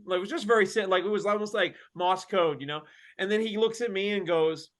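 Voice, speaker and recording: High-voiced man telling a story. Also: quick pace. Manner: animated, full of fillers and slang. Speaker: wrestler guest. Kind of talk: casual storytelling.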